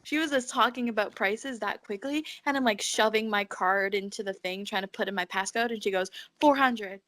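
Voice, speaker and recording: A woman's voice: medium pitch, a little fast. A teenage girl co-hosting a podcast, telling a dream story in casual chat, acting out the other voices and swearing freely. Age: teens. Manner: animated, acts out quoted voices, swears. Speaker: podcast co-host.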